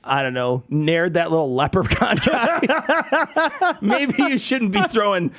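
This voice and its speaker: High-pitched riffing man, lively. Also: slow. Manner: profane, laughing, riffing. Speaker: podcast co-host. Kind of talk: casual comedic reaction chat.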